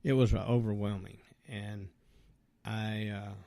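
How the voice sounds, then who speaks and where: A man's voice: lowish voice, fairly even intonation, slow, vocal fry, dark tone. A man hosting a podcast, talking in a rambling, folksy way with lots of fillers and asides. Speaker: podcast host. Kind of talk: casual monologue.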